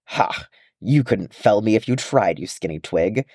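Hot-tempered dwarf, voiced by a man, gruff, blustering, low, dark, storybook reading. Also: expressive, measured pace, dry recording, studio quality. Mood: angry. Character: burly male dwarf, hot-tempered and proud.

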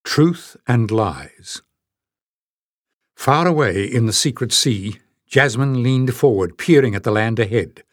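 A man narrates a scripted fantasy audiobook slowly, his mid-range voice animated and dramatic as it rises for the characters. The recording is dry and of studio quality.

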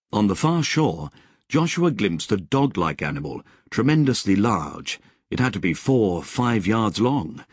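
A man narrating an audiobook in scripted, expressive storytelling with vivid description. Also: fairly low pitch, breathy edge, no echo, clean studio sound.

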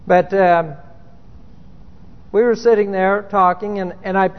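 A man's voice: high-pitched, steady tone, measured pace. A man preaching a sermon in a loose, conversational way, with restarts and rhetorical questions, in a church sanctuary. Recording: dull lo-fi recording with long hall reverb.

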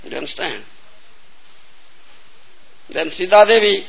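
A man's voice: high voice, big pitch swings, a little slow, creaky, pauses often, husky, highs cut off. A man giving a storytelling sermon, often checking whether listeners understand. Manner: storytelling lecture, repeatedly asking "You understand?". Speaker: spiritual teacher.

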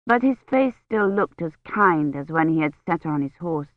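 A woman narrating an audiobook in a measured, steady reading voice. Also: low voice, no room sound. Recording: dull, dry studio read.

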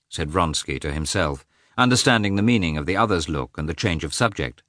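A man giving an expressive, measured reading of a classic novel as an audiobook narrator. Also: a bass voice, no room sound, clean studio sound.

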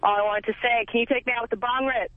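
A woman's voice: on the high side, steady tone, racing, no room sound. Cheerful woman caller on a tinny phone line. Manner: agreeable, cheerful, slightly hesitant. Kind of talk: call-in chat. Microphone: telephone.

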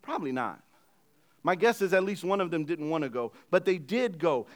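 Middle-aged male pastor, high-pitched, conversational sermon delivery with acted-out asides. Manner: conversational preaching, swings from loud emphasis to quiet asides; acts out little dialogues in everyday voices.

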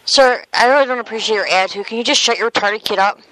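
A woman's voice: mid-range voice, fast talker, fairly bright tone, no echo, close to an everyday voice, rough recording. A woman playing a rude, insulting hotel manager. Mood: condescending. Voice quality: blunt, condescending. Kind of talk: prank phone call.

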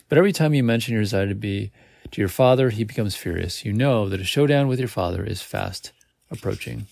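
Gravelly low-voiced man reading aloud. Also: darkish tone, no room sound, clean studio sound. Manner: casual reading with slips and self-corrections. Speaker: podcast host.

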